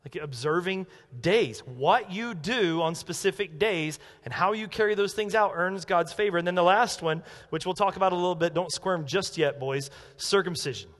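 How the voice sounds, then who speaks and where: A man with a high-pitched voice preaches a sermon, animated and emphatic, dropping low and then rising to loud declarations. His voice carries a long reverb from a church sanctuary. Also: normal speed. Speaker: pastor.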